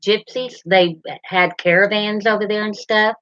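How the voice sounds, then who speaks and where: A middle-aged woman reads comments aloud on a live stream, chatting and rambling and using viewers' names. She speaks at a measured pace with medium pitch, fairly even intonation, and a fairly bright tone, recorded in slightly dull lo-fi.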